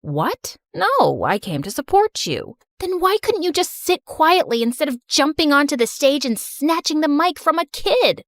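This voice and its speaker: A woman voices a middle-aged mother clinging to her acting past, theatrical and self-absorbed. Her pitch sits a little lower than the narration and swings widely. The recording is dry and close. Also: big pitch swings, normal speed, few pauses, no echo. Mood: defensive. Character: dramatic vain former-actress mother, middle-aged. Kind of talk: animated story narration.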